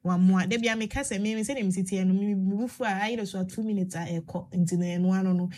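A woman with a Ghanaian accent hosting a radio chat, speaking quietly and mostly murmuring agreement. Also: mid-range voice, fairly even intonation, quick pace. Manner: soft back-channel murmurs, occasional quiet remarks. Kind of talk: casual chat.

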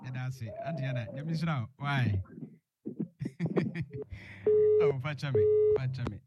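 A man's voice: medium pitch, unhurried, very noisy. A Ghanaian man hosting a call-in radio show, giving brief responses and taking callers. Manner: brief responses, switching between Twi and English. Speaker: radio host.

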